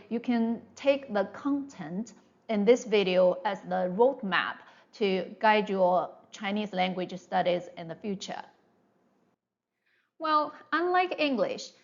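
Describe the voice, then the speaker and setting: A woman teaching pronunciation in an online lesson, speaking slowly and patiently at a mid pitch. She walks through each sound one at a time. The recording sounds a little dull and lo-fi. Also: darkish tone.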